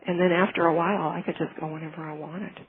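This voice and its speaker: A woman's voice: on the low side, level tone. A woman recounts her own experience in a sincere, heartfelt way, stopping and restarting her sentences as she goes. Her voice comes through a thin, phone-like recording with a light hiss underneath. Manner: halting, with frequent restarts and fillers; earnest and heartfelt. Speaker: client giving a testimonial. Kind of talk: personal testimonial, casual telling. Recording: phone-like lo-fi with faint noise.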